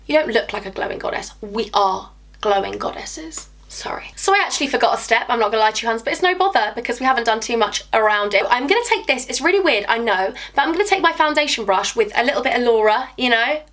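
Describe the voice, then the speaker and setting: A woman's voice: a little high, a bit bright. A young woman, chatting casually and getting sidetracked while she does her makeup. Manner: bubbly, chatty, easily sidetracked. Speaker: beauty vlogger.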